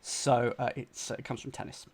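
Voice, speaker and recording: A man's voice: medium pitch, flat delivery, moderate pace, gravelly. A man from the UK streaming live as he solves a crossword, thinking aloud, repeating clues and talking to his chat with lots of fillers and restarts. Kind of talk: casual live-stream commentary.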